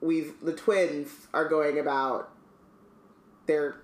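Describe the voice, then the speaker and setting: A woman's voice: low voice, fairly even intonation, takes it slowly, roomy sound. A woman co-hosting a casual book-club podcast, reading aloud and chatting with many asides.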